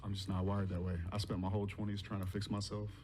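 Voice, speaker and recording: A man with a low voice answers questions on a podcast quickly. He is blunt and dismissive. The clip has clear background noise behind him. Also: monotone, darkish tone. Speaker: podcast guest. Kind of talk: debate on a podcast.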